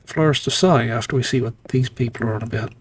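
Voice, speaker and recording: A man's voice: mid-range voice, fast, breathy edge, recorded from a distance. A man playing a video game and reading its dialogue aloud, with playful asides. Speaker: gaming commentator. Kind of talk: let's play commentary reading game dialogue.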